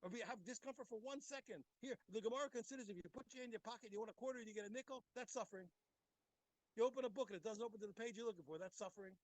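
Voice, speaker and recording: A man's voice: high-pitched, rapid-fire, dry recording, low-quality recording. A man giving an impassioned Torah class, emphatic and repetitive, speaking straight to his listeners. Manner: emphatic, repeats words, talks straight to listeners. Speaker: rabbi teaching a daily Talmud class.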